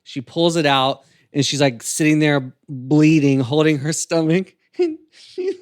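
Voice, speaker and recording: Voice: mid-range voice, sing-song, measured pace. A podcast co-host chatting casually and enthusiastically about a film, laughing often and using lots of fillers. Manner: enthusiastic, giggly, filler-heavy.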